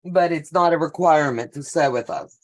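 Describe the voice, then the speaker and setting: With a low-pitched voice and a brisk delivery, a middle-aged woman chats and tells stories during her live sewing stream. She's casual and talkative, greeting her viewers by name as she sews.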